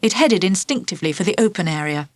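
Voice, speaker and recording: A woman narrating a children's storybook in an expressive, lively storytelling manner. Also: lowish voice, quick pace, dry recording. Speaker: audiobook narrator.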